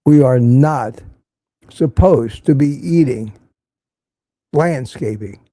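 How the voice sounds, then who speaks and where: A man's voice: mid-range voice, takes it slowly, dark tone, no echo. An older man hosting a casual livestream, reading viewer comments and giving blunt, opinionated remarks that he often repeats for emphasis. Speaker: livestream host.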